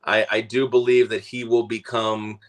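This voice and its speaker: A man's voice: lowish voice, normal speed. A man co-hosting a sports talk show, chatting casually and rambling with plenty of fillers. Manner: relaxed, rambling, frequent "uh" and "so". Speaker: radio show co-host.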